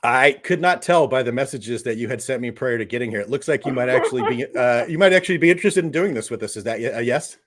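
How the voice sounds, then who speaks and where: Joking male streamer host, lively pitch. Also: fast, hardly any pauses, a little hiss or hum. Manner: loud, joking, laughs often. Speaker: livestream host. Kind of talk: casual live stream chat.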